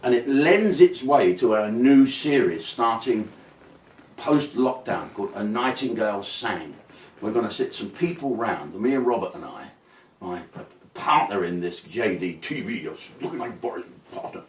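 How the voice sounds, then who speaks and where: A man's voice: fairly low pitch, expressive, measured pace, distant mic. An older man spins rambling, profanity-laced comic anecdotes. His voice swings widely up and down. It sits back from the mic in a roomy, echoing space. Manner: swearing, rambling, slips into put-on voices. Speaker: comedian telling stories. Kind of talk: casual anecdotal storytelling.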